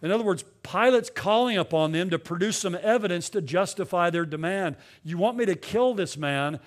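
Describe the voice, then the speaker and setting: A man's voice: high voice, moderate pace. A man preaching an expository sermon, explaining a passage verse by verse in an earnest, conversational way with frequent restarts. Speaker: pastor.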